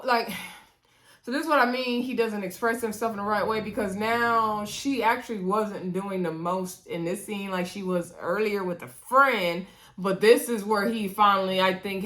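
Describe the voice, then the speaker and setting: A woman's voice: mid-range voice, fairly bright tone. A woman recapping a reality dating show in a casual, chatty way, with an African American English accent, acting out quotes and talking straight to viewers. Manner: chatty, retells scenes with quoted voices and asides to viewers.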